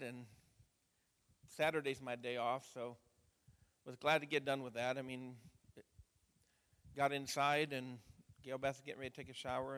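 Slow gravelly pastor in a reverberant church. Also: male voice, mid-range voice, fairly bright tone. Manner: folksy storytelling, then measured scripture reading. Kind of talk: sermon. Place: church sanctuary.

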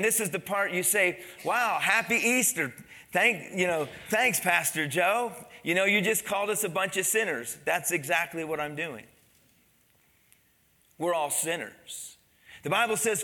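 High, bright-voiced pastor preaching a sermon. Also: male voice. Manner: asks the congregation questions and calls for amens; drops to a soft, low delivery at the end of phrases. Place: church.

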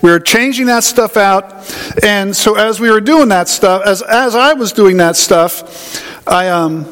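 A man's voice: high voice, unhurried, fairly bright tone, big-room sound. A man preaching a sermon in a conversational, folksy way, telling homey stories. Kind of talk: sermon teaching.

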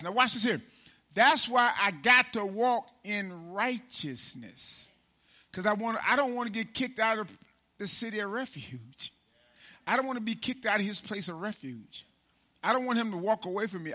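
A man preaching a sermon as pastor, in a casual, folksy way that keeps asking "right?" and calling people "man", swinging from loud, rising calls to the congregation down to hushed, low asides. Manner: preaching with loud call-and-response swells and sudden hushed drops.

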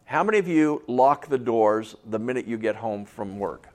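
A man's voice: medium pitch, expressive, moderate pace. A man preaching a sermon as pastor, conversational, asking the congregation questions, repeating key phrases and acting out little stories with voices. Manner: acts out stories with voices, drops to soft tones for effect.

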